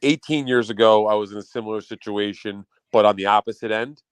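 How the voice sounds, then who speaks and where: A man's voice: on the low side, brisk, clear, resonant tone, no echo. A man telling rambling stories on a casual podcast, swearing freely and acting out what people said. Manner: rambling storyteller, swears freely, acts out quotes. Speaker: podcast co-host. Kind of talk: casual chat.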